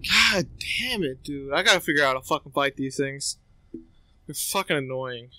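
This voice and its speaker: A man's voice: fairly high pitch, lively intonation, normal speed, pushed and bright, no echo, poor audio. A young man giving gameplay commentary, swearing constantly and ranting at the game in exasperation. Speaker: gameplay streamer. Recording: game music behind voice.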